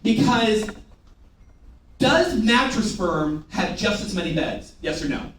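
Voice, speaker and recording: A man with a high voice works a live room as a sales trainer, calling out lines for the audience to say back and ribbing people by name. He sounds distant, caught by a mic set far from him, with heavy echo filling the large room and a faint hiss underneath. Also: slow pace. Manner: energetic, call-and-response with the audience; teasing, loud bursts. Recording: echoey room recorded from far off.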